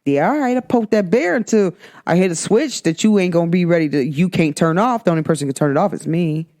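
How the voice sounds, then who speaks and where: A young woman hosts her own spiritual show in a relaxed, chatty vlog style. She circles back on her points over and over and keeps calling out to her viewers as she delivers the week's energy read. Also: fairly low pitch, fast talker. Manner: chatty, repetitive, emphatic with frequent "like" and "guys". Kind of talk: casual spiritual vlog talk.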